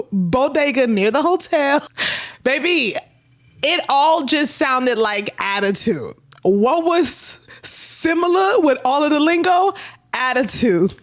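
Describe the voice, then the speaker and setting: A woman from Miami hosting a reaction video, animated and teasing, laughing often as she comments. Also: high voice. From Miami, Florida.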